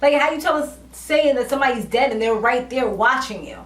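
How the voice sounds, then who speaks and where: A woman's voice: high-pitched, fairly quick. A woman vlogger recapping a TV episode in casual, slangy talk, animatedly acting out the characters' lines. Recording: roomy, distant from mic, faint ambience.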